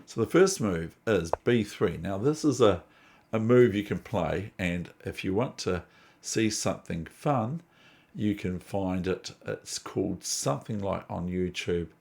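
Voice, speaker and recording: Chess host, New man, low gravelly voice, meandering casual chatter. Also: expressive, measured pace, a little mellow. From New Zealand. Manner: digressive, chatty, self-deprecating. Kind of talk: casual rambling commentary.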